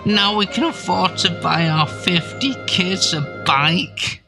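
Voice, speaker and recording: A man putting on a high, squealing voice for a crude, gushing middle-aged wife in a mocking comedy bit. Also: slow, vocal fry, music in the background, full character voice.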